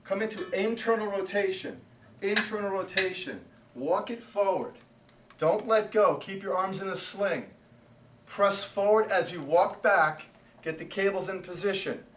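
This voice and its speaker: A man's voice: high voice, distant mic, slight background noise. Man coaching a workout in an echoey gym. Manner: counts reps out loud and gives short commands. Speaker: personal trainer. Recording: echoey gym, voice away from mic.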